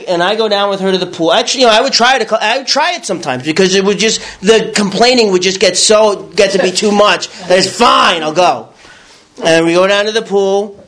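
Man, high voice, candid recovery talk, blunt, acts out his old thoughts. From New York. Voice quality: raw, blunt storytelling with crude words. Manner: animated, acts out his own past thoughts. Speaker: recovery speaker. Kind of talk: candid personal testimony.

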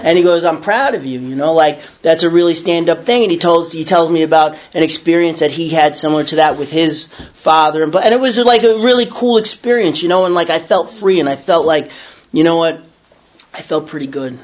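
A middle-aged man recounts a personal story in casual, unpolished speech. He rambles, stumbles and corrects himself as he goes. His voice sits a little higher than most men's. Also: a little fast. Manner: rambling, with many restarts and self-corrections. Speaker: storyteller sharing a recovery story.

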